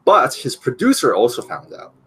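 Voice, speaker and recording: A man on a casual livestream, relaxed as he tells an anecdote, with fillers and the odd swear. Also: medium pitch, moderate pace, slight background noise.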